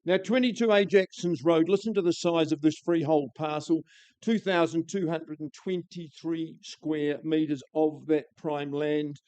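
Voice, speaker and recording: A man's voice: a little high, steady tone, unhurried, a little mellow, clear, resonant tone, dry recording. A man with a New Zealand accent calling a live property auction, with a florid, enthusiastic sales patter.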